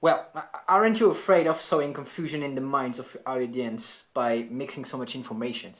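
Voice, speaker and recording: A man's voice: mid-range voice, a little fast, a bit bright. Nasal man teasing the host. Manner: teasing, interrupting.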